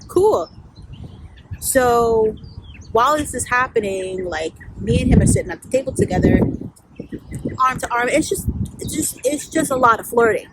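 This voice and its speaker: A woman's voice: a little high, animated, normal speed, long pauses, a little hiss or hum, low-quality recording. A woman, a life coach telling a candid, profanity-laced story in a storytime vlog.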